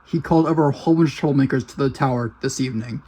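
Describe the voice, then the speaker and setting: A man's voice: mid-range voice, very fast, mellow, slightly rough, close to an everyday voice. A man voicing a grumpy, worried male cartoon worker who grumbles and complains, in a fan-made cartoon. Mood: explaining.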